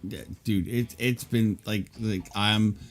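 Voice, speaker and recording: A man joining a livestream as a guest, excitable and profane, laughing easily. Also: fairly low pitch, takes it slowly, soft background music. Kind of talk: casual livestream chat.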